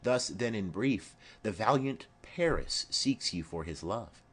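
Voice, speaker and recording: Man voicing a stately noble mother, formal and measured, slow, lowish voice, audiobook play. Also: lively intonation, husky.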